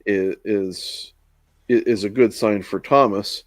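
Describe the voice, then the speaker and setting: Man, low voice, dry sound, casual plot recap, quoted dialogue. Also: fairly even intonation, slow pace, no room sound. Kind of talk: casual book discussion.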